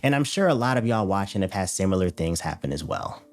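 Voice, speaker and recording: A man's voice: deep voice, fast talker. A man hosting his channel, giving scripted commentary in a wry, blunt way. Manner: wry, blunt, expressive delivery. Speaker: host. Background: faint music.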